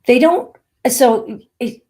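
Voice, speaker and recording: A woman hosting a live psychic reading stream, talking slowly and affectionately to viewers, with many fillers while she reads comments. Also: fairly high pitch, mellow. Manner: slow, soothing, affectionate. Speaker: psychic medium host.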